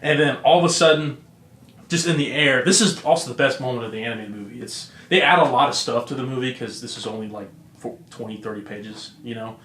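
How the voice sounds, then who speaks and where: A man's voice: medium pitch, fast, a bit bright. A man hosting a podcast, rambling through a story in casual chat with lots of fillers. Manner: rambling retelling with many fillers. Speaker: podcast host. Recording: roomy echo.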